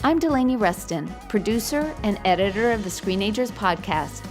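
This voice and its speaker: A woman's voice: mid-range voice, lively intonation, moderate pace, over music. A woman hosting a podcast as a physician, explaining in an earnest, informative way.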